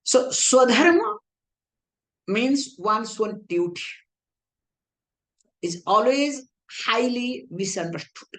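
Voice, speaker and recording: A woman with an Indian English accent leads a spiritual philosophy class in a slightly high voice. She talks in a conversational way and keeps checking whether her listeners understand. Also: big pitch swings, takes it slowly, pauses often. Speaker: Vedanta teacher.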